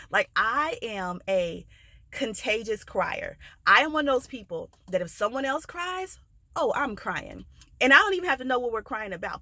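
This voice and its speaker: American lady vlogging a story, lively and chatty, dry close sound. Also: on the high side, no echo. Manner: animated, expressive retelling with voiced quotes. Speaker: notary vlogger. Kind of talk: casual storytelling vlog.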